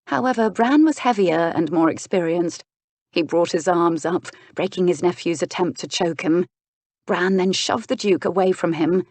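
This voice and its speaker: A woman reads a novel aloud in an even, steady manner. Her voice sits low and the recording is close and dry, with no room sound. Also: no echo. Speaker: audiobook narrator. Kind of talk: scripted narration.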